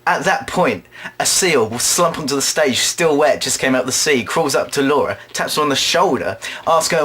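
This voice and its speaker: A man performing an absurd comic monologue, rambling along in a deadpan way and now and then putting on quick voices. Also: mid-range voice, husky. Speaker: drama student performer.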